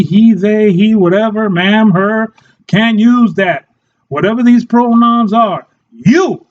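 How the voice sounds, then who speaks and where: A man's voice: high voice, a little mellow, husky, dull audio. A man delivering a mock-serious satirical monologue in a sarcastic tone, often laughing and acting out short quoted voices. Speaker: satirical commentator.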